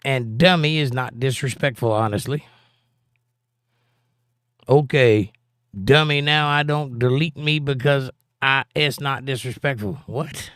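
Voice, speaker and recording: A man's voice: medium pitch, a little slow, fairly bright tone, clear, resonant tone, dry recording, studio quality. A man hosting a live stream, reading chat aloud and answering with blunt, sarcastic put-downs.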